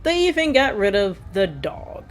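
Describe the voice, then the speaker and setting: A woman's voice: medium pitch, very animated, normal speed, slight background noise. A woman streamer rambling casually while playing a video game, laughing often as she talks. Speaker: let's play streamer. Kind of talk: casual gameplay commentary.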